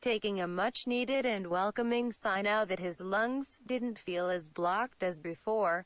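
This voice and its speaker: A young woman in her twenties from Saudi Arabia, reading a fan story aloud in an even, steady way. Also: medium pitch, a little slow, few pauses, dry recording. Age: 20s. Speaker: channel host.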